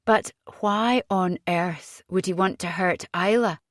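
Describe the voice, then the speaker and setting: A woman's voice: fairly low pitch, takes it slowly, dry recording, studio quality. A woman voicing a weary husband in an audiobook, reasoning in an exasperated way without much change to her own voice. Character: weary, defensive husband and father.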